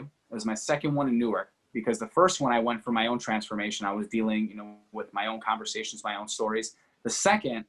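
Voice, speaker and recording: A man who is a guest on a podcast, telling a personal story as an energetic, fast-talking storyteller with many fillers like "you know" and "like". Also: medium pitch. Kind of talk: animated storytelling in an interview.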